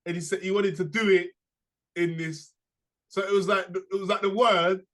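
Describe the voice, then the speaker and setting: Animated young man, bright voice. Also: high voice, normal speed. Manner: animated storytelling, slangy, laughs through anecdotes. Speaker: podcast co-host. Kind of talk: casual chat.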